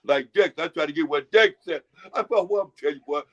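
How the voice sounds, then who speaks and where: A man's voice: on the high side, fast, fairly bright tone. A man in casual chat who rambles, repeats himself and hands out folksy advice. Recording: lo-fi muffled audio.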